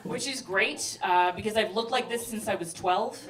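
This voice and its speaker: A woman in her thirties, originally from Brooklyn, performing a stand-up comedy set on a club stage with a quick, sardonic delivery. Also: mid-range voice, heavy background noise. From Brooklyn, New York, raised in Texas. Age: 30s. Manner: quick, sardonic, acts out characters. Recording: roomy club recording, heard from a distance. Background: audience laughing.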